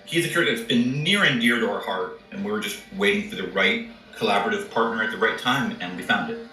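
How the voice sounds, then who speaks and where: A man's voice: lowish voice, quick pace, sharp tone, faint music behind. A man, a game company executive, answering interview questions in an enthusiastic, promotional way. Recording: echoey, distant mic.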